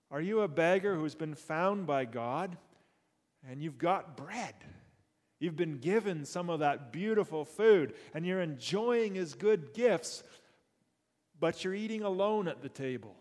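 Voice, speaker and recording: A man preaching a sermon, asking his listeners rhetorical questions and building up to excited, rising passages. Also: high-pitched. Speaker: pastor. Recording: long hall reverb.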